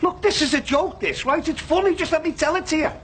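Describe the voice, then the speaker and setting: An actor playing a chatty middle-aged shopkeeper who fancies himself a comic, rambling through jokes with many fillers in a TV soap drama. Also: male voice, fairly high pitch, big pitch swings, moderate pace, a little hiss or hum.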